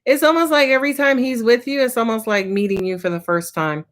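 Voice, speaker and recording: A woman's voice: on the high side, fairly quick. A woman tarot reader answering viewers' questions on a live stream, talking in a casual, slangy, profane way and sounding tired.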